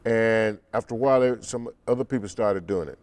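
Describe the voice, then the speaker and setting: Deep-voiced older man telling stories. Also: darkish tone, no echo. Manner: deep, unhurried storyteller who acts out quotes. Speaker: musician guest. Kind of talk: relaxed storytelling interview.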